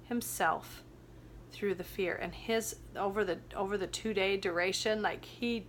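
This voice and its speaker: A woman speaking in an earnest, gentle way as she recounts a workshop story in a relaxed chat. Her pitch sits in the middle of the range, and she lets her voice sink to a hush at tender moments. There is a faint noise bed under the recording. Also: unhurried. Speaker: youth workshop facilitator.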